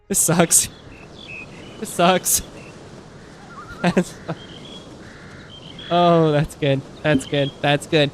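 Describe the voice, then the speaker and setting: A man's voice: high voice, lively intonation, drawn-out words, pauses often, sharp tone, faint music behind. A man in his thirties chatting casually on a live stream, rambling through asides and laughing often.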